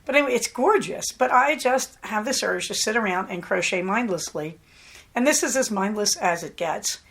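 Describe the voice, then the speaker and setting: A woman hosting a podcast, telling a story in a casual monologue, animated and laughing often, acting out the voices of the people she quotes. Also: medium pitch, normal speed, slightly rough. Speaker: podcast host.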